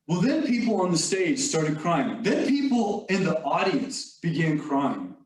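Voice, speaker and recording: A man's voice: on the high side, big pitch swings, measured pace, few pauses. A man giving a motivational leadership talk, telling a workplace story in a conversational way with many asides to the audience. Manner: storytelling, conversational with filler "like" and "you all". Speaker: leadership speaker. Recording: echoey room, distant mic.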